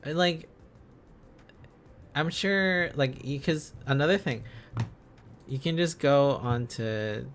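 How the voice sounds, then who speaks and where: A man's voice: on the high side, slow pace, long pauses, fairly bright tone, a little hiss or hum. A man streaming casually, thinking aloud as he learns, sounding out syllables and chuckling often.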